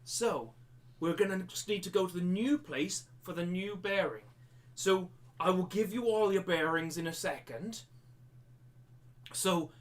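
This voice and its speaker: Man teaching maths in a jokey pirate-ish accent. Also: high voice. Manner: explains step by step, repeating himself. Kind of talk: live-streamed maths lesson.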